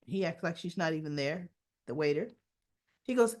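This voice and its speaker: A woman casually recapping a soap opera episode, acting out the characters' lines as she retells the scenes. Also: medium pitch. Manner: slow, animated retelling with quoted dialogue.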